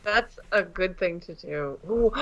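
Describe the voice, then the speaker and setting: A woman's voice: medium pitch, big pitch swings, takes it slowly, a bit bright. A woman co-hosting a casual podcast, jokey and giggly, laughing often. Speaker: podcast co-host. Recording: muffled lo-fi mic with faint noise.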